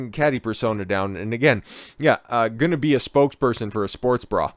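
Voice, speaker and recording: A man's voice: mid-range voice, normal speed, dry recording, studio quality. A man hosting his own online commentary show, ranting in a crude, sarcastic, profane way.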